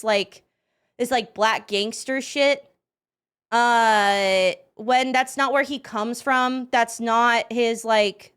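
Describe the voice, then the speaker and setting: A woman's voice: a little high, clear, resonant tone. A woman streamer giving casual, profane reaction commentary, rambling with lots of fillers and restarts. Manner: animated, laughing bursts.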